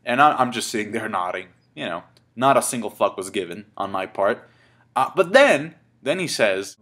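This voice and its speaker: A man's voice: fairly low pitch, expressive, moderate pace, fairly bright tone. A man in his twenties telling a casual story to camera, rambling and swearing, with many fillers and restarts. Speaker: vlogger.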